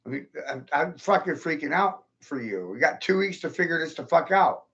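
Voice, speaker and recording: A man's voice: on the high side, lively intonation, normal speed, a bit bright, highs cut off. A man ranting angrily and profanely on a live stream, agitated and upset. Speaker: livestreamer. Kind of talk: angry live-stream rant.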